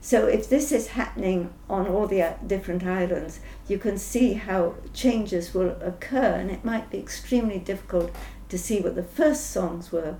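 Older woman, mellow voice in a roomy space. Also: mid-range voice. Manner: thoughtful, pauses with frequent ums and restarts. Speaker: scientist interviewee. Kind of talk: interview answers. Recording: roomy echo, faint background noise.

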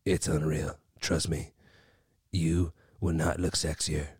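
A man's voice: rumbling low, little pitch movement, slow, darkish tone, slightly rough, dry recording, studio quality, full character voice. An Irish man putting on the voice of a cocky, preachy young male fitness influencer. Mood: smug.

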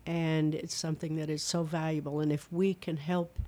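An older woman with an Eastern Kentucky accent chats in a relaxed radio interview. She tells stories in an animated way and slips into other voices to show what she means. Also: deep voice, moderate pace. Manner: animated storyteller, demonstrates voices. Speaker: guest, retired speech and theater teacher. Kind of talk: casual interview chat.

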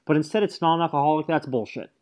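A man co-hosting a laid-back podcast, with a voice pitched a little above usual. He chimes in with quick agreement and talks in a relaxed, chatty way. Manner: agreeable, backs up co-host with quick yeahs. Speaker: podcast co-host. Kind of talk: casual recap chat.

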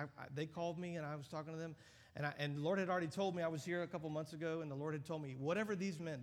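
A man preaches to a large congregation, his fairly high voice climbing into loud emphatic peaks. The sound carries the long reverb of a big auditorium around him. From United States. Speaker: guest preacher. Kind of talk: sermon.

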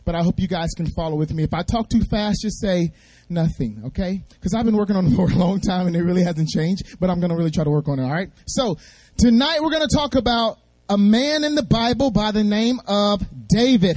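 High-voiced fast-talking man. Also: a little mellow, dry recording. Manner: talks fast, playful and upbeat, coaxing audience responses. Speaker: guest speaker. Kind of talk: interactive Bible storytelling to a young audience. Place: church service.

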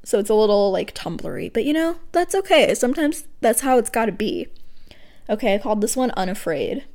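A woman's voice: lively intonation, brisk. Self-mocking young woman reading her poems. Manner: self-mocking and rambling, drops soft and low when reading. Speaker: podcast host reading her own poems. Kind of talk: casual self-deprecating chat with poetry reading.

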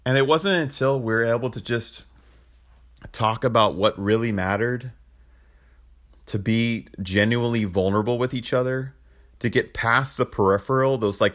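A man's voice: mid-range voice, moderate pace, fairly bright tone. A man in his thirties hosting a podcast, talking casually and earnestly about faith and family life, with frequent restarts and chuckles. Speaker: podcast host. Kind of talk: casual reflective talk on faith.

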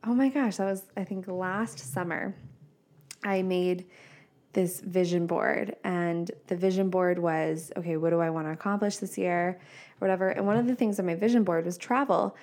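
A woman's voice: lowish voice, fairly even intonation, moderate pace, a little mellow. A woman in her twenties hosting a casual solo podcast, chatty and laughing often, with lots of "like" fillers. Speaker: podcast host.

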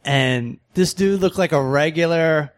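A man's voice: on the high side, measured pace. A man co-hosting a podcast in casual chat, joking and teasing his friends. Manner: joking, teasing, often laughing. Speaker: podcast co-host.

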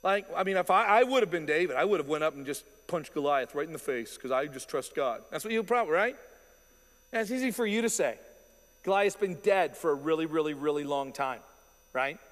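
A male pastor delivers a sermon in an animated, conversational style, slipping into asides and quick quoted voices. His voice sits slightly high for a man. A long hall reverb trails every phrase.

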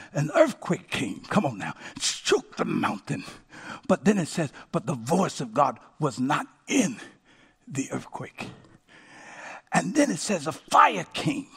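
A middle-aged male pastor preaching a sermon, swinging from hushed asides to shouted calls of "come on now". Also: mid-range voice, husky.

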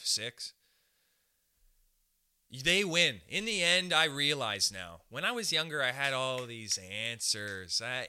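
Young canadian guy ranting on his podcast, super bright voice, swears a ton, jumps up and down in pitch acting out everyone. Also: clear, resonant tone. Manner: animated, swears a lot, acts out other people's lines. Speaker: podcast host. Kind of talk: casual comedic storytelling.

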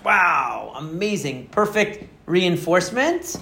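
Male teacher, high voice, animated storytelling lesson, lots of fillers. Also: normal speed, a little hiss or hum. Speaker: Torah teacher.

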